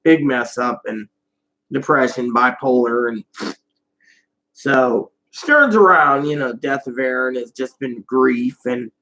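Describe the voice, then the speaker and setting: A man's voice: mid-range voice, takes it slowly, bright, forceful tone, rough recording. A man talking casually to camera in a personal vlog, rambling and profane, with many fillers. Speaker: vlogger.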